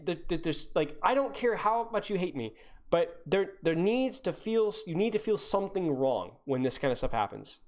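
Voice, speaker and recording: A woman's voice: on the low side, a little mellow. A young woman coaching over a live-streamed gameplay review, ranting and exasperated, hammering her points home by repeating them.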